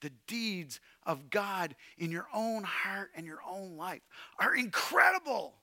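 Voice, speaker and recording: A man preaching a sermon, swinging between loud calls and hushed, quiet passages. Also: high-pitched, big pitch swings, takes it slowly, dry recording, clean studio sound. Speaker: pastor.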